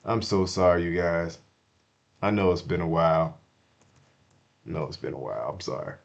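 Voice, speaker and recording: Deep-voiced man hyping crypto charts. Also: normal speed, creaky, highs cut off. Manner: swings from hyped shouting to hushed apologies; casual slangy delivery, repeats himself. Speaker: crypto streamer. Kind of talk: excited market commentary to chat.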